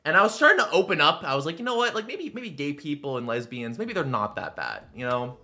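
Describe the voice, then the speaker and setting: Brief: streamer guy in his 20s, rambling and animated, with a sharp bright tone and a slightly higher pitch. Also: quick pace. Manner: rambling, filler-heavy, animated. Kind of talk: casual storytelling while gaming.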